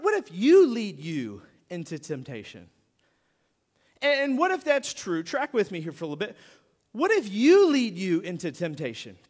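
A man preaching a sermon as pastor, animated and acting out mock prayers for his audience. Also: extremely high pitch. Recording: long hall reverb.

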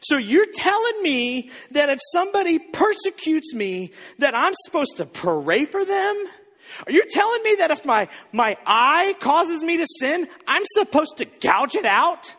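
A man's voice: very high-pitched, big pitch swings, a little slow, fairly bright tone, voice pushed up, heavily acted. A man voicing his earnest young daughter in a sermon story, breathless and questioning, with a long hall reverb. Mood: incredulous. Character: earnest young girl, indignant then eager.

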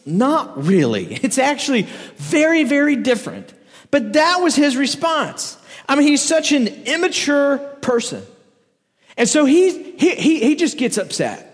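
Man, casual joking preacher, high voice, long hall echo. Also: measured pace. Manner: joking, animated, laughs often. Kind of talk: casual storytelling sermon. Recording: echoey hall reverb.

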